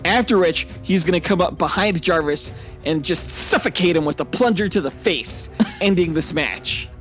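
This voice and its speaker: A male podcast host with a fairly high voice lays out an absurd fight scenario in a playful, animated way. He often laughs at his own ideas. Faint music sits under his voice. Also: normal speed. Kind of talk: playful comedic debate.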